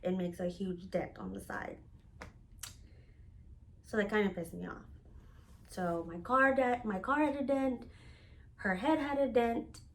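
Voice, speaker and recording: A young woman telling a personal story in a casual, profane, animated way, acting out the lines of the people in it. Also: mid-range voice, unhurried, long pauses, a little hiss or hum. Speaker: storytelling vlogger.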